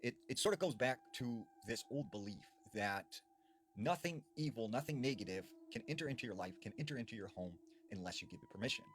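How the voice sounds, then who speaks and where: A man's voice: medium pitch, a little fast, slight background noise. A man narrating a spooky story in a conversational way, with casual fillers. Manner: conversational, animated, with fillers like "you know". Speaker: horror storyteller. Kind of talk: spoken horror story narration.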